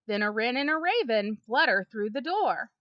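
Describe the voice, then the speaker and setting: A woman reading a picture book aloud to young children, slow and expressive, chatting with them between pages. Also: a little high, dry recording. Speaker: storybook reader. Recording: dull, lo-fi home recording.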